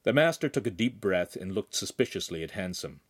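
A man narrating a young adult novel with animated storytelling. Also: deep voice, brisk, slightly rough. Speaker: audiobook narrator. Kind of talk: scripted narration.

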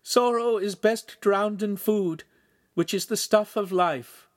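A man's voice: high-pitched, slow, voice pushed up. Man doing a doting old Italian matron.

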